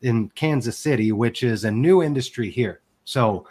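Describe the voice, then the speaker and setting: A man's voice: mid-range voice, moderate pace, darkish tone. A man in his forties, a podcast guest telling a personal story in a candid, emotional way and swearing casually. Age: 40s.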